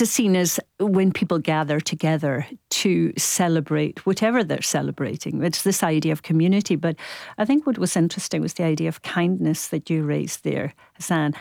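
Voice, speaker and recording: A woman with a gravelly, fairly low voice hosts a radio interview. She keeps a measured pace as she guides the talk, and the studio sound is close and dry. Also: a little mellow, no room sound. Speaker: radio host.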